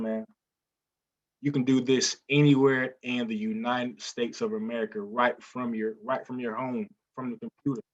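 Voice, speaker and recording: A man teaching real estate wholesaling in a live webinar, energetic and repetitive, often saying "listen, man". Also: mid-range voice, highs cut off.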